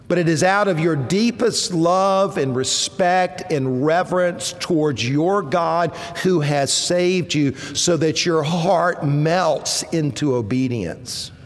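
A man in his fifties delivers a sermon in an earnest, measured way. His voice sits high and moves at an unhurried pace, rising in strength at points of emphasis. A long church-hall reverb trails each phrase. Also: a little hiss or hum. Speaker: preacher. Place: church sanctuary.

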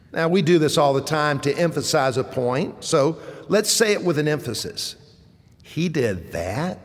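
High-voiced slow preaching man, hall reverb. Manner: deliberate, emphatic preaching. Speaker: pastor. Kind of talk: sermon.

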